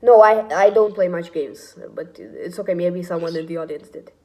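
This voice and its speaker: A woman's voice: fairly low pitch, normal speed, darkish tone. A woman hosting an interview, asking long, rambling questions in an eager, casual way. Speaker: interviewer, host.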